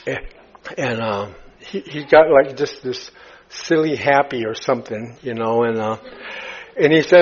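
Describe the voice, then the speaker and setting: A man speaking at a recovery meeting, telling his story in a halting way, full of fillers and restarts. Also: medium pitch, breathy edge. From United States. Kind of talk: personal recovery story told to a crowd. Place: retreat meeting hall. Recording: dull lo-fi talk recording.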